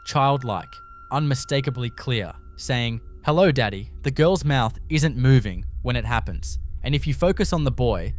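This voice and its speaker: Man narrating a spooky compilation. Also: mid-range voice. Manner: measured, suspenseful storytelling. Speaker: narrator of a horror compilation channel. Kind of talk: scripted narration.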